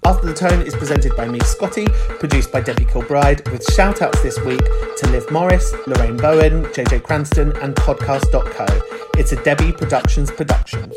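A man's voice: fairly high pitch, normal speed, loud music behind the voice. Chatty man hosting a podcast. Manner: chatty, swearing, laughs often. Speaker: podcast host. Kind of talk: casual monologue.

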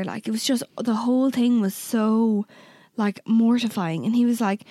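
A young woman with a fairly high voice tells a personal story in relaxed podcast chat. She is candid, swears freely and acts out both sides of remembered conversations. The sound is close and dry. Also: brisk, dry recording. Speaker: podcast co-host.

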